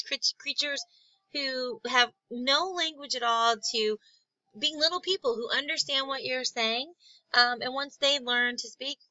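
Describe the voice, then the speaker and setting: A woman lecturing on psychology in a recorded class, filling pauses with many ums and restarting words. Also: on the high side, sharp tone, dry recording, muffled recording. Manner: frequent ums, halting restarts. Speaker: psychology instructor.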